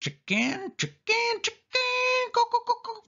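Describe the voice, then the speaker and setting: A man's voice: very high voice, very animated, a little slow, pushed and bright, voice pushed up, exaggerated voice. A man voicing a bossy, teasing young girl cousin in a pushy, sing-song way in a storybook reading. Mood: taunting. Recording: dull lo-fi audio.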